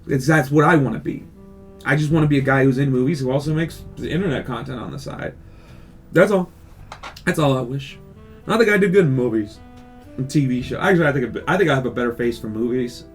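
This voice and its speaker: A man's voice: medium pitch, fast talker, faint music behind. A man hosting a casual podcast, rambling and ranting with lots of swearing. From California. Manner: rambling, animated rants with profanity. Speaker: podcast host.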